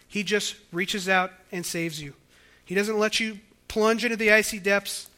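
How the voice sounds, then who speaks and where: Young male pastor, high bright voice, casual sermon delivery. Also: steady tone, normal speed. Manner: conversational, acts out quoted voices.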